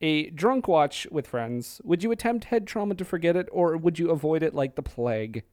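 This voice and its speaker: Guy hosting a podcast, smooth clear voice, bit higher pitched, dry close sound. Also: animated, moderate pace, darkish tone, no room sound. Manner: jokey, laughs between lines. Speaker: podcast host. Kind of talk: casual chat.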